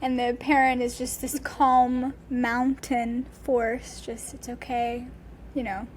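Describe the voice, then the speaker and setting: A woman's voice: high voice, level tone, slow pace, slight background noise. A woman hosting an interview, reflecting on her guest's answers and asking questions. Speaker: podcast host. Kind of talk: conversational interview.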